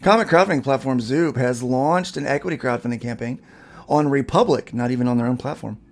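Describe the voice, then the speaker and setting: Gravelly male podcast host reading news. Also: medium pitch, fairly quick. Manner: reads an article and breaks in with asides. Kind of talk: casual chat, reading news aloud.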